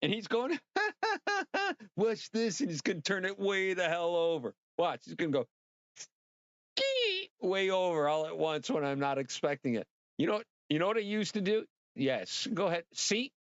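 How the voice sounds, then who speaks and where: A man hosting a casual livestream, rambling and excitable, swearing freely and talking straight to his viewers. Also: high-pitched, normal speed, no room sound, dull audio. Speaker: livestream host.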